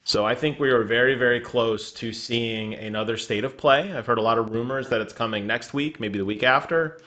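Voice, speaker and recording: A man's voice: medium pitch, a little fast, bright, forceful tone, highs cut off. Giggly young man co-hosting a podcast. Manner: giggly, jokey, slips into silly voices. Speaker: podcast co-host. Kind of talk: casual chat.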